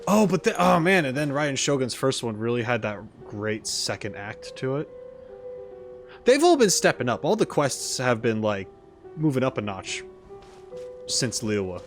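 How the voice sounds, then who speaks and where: A man's voice: mid-range voice, sing-song, measured pace. Man, game streamer, casual rambling commentary, hesitant, game music faintly behind. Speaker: gaming streamer. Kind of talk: casual let's-play commentary.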